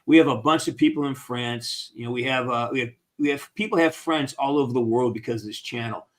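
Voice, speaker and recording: A man's voice: mid-range voice, brisk. Upbeat man chatting with fans on a call. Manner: upbeat, encouraging, rambling. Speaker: actor hosting a fan Q&A. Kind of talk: casual live-stream chat.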